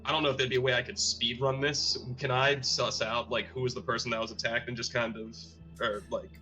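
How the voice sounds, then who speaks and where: A man's voice: medium pitch, flat delivery, a little fast, bright, forceful tone, soft background music. A man playing a tabletop role-playing game, talking casually with lots of fillers. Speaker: player.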